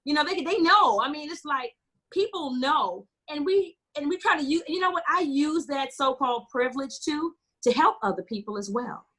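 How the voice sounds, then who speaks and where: A woman's voice: high voice, normal speed, pushed and bright. An American woman speaking as a community organizer in a panel discussion, telling stories passionately and quoting dialogue. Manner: passionate, storytelling with quoted dialogue.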